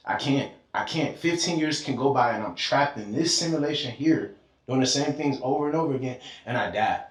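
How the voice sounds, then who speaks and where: His medium-pitched voice runs a little fast, with slight background noise. This Georgia man, guesting on a podcast, preaches passionately and curses openly during a casual heart-to-heart, captured in an echoey room by a distant mic.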